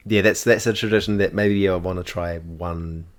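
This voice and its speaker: A man's voice: low-pitched, steady tone, moderate pace. A young man, co-hosting a casual podcast chat, laughing often and swearing casually. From New Zealand. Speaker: podcast co-host.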